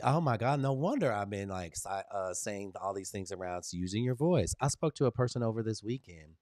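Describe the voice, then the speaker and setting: A man hosts a live stream, calling out viewers by name and slipping into motivational pep talks. His delivery is animated and encouraging, with big swings in pitch and loudness. The sound is dry and close, with no room echo. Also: fairly quick, hardly any pauses. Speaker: livestream host. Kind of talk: lively livestream chat with viewers.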